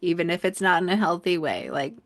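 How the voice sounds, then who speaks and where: A woman's voice: lowish voice, big pitch swings, a little fast, fairly bright tone, dry recording, clean studio sound. Frank, profane woman podcast co-host. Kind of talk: casual podcast chat.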